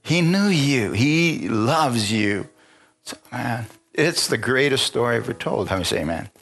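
A man's voice: medium pitch, expressive, unhurried, vocal fry, a bit bright, soft background music. A man preaching a sermon in a conversational style, often asking the congregation for amens and chuckling as he talks. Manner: call-and-response preaching with frequent amens. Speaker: pastor.

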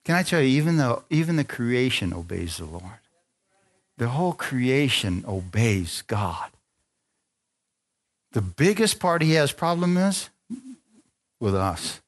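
A man preaching to his congregation with playful energy. His voice sits at an ordinary middle pitch, and he retells scripture as a lively story with voices for the characters. He keeps calling for amens along the way. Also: unhurried, pauses often. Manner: excitable, playful storytelling with call-and-response. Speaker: pastor. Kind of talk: sermon.

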